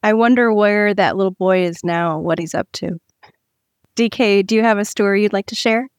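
A woman's voice: mid-range voice, no room sound, studio quality. A woman hosting a podcast interview, offering encouraging responses and asking guests questions. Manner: encouraging, quick affirmations.

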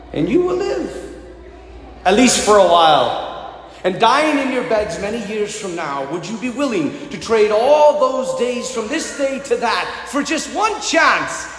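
Priest putting on a scottish rebel chief yelling at his army, high voice swinging all over, big echoey church. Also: full character voice. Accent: put-on Scottish. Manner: rousing, shouted battle speech. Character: defiant Scottish rebel leader rallying troops. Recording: echoey church hall reverb.

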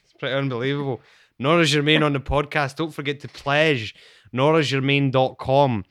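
A man's voice: medium pitch, steady tone, moderate pace, a bit bright, dry recording. A man hosting a podcast, bantering in a cheeky, teasing way. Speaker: podcast host. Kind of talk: playful casual chat.

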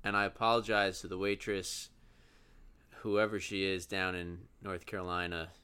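A man's voice: deep voice, little pitch movement, normal speed, bright, forceful tone, clean tone. A man in his twenties co-hosting a casual podcast, joking and teasing. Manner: jokey, mocking voices. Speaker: podcast co-host. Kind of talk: casual chat.

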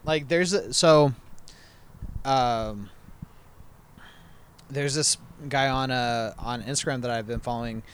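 A man in his thirties trading relaxed, profane banter in a casual chat. His voice sits at an everyday middle pitch. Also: takes it slowly, long pauses, a little hiss or hum.

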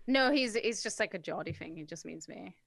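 A woman's voice: medium pitch, expressive, fairly quick, vocal fry, a bit bright, dry recording, clean studio sound. A woman co-hosting a casual podcast chat, teasing and laughing often. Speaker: co-host.

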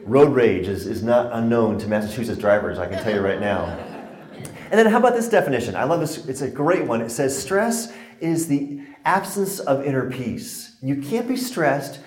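A man's voice: mid-range voice, fairly quick, roomy sound. A man from Connecticut giving a humorous public lecture on stress, telling stories and jokes to a laughing audience. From Connecticut, USA. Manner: joking, animated storytelling with audience laughter. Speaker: speaker giving a talk on stress.

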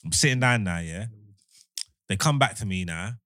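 A young man telling an excitable, slang-heavy story in casual chat. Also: low voice, moderate pace, no echo, studio quality. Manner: slangy, excitable, repeats "you get me".

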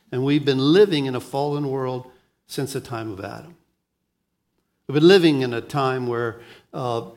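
A man preaching a sermon as pastor, swinging between soft, low lines and loud, lively ones, often restarting his words.

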